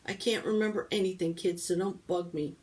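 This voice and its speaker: A woman reading aloud voices a crabby old male war veteran who brushes off questions gruffly. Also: lowish voice, steady tone, a little fast, a little mellow, close to an everyday voice. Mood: grumpy. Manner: gruff, dismissive.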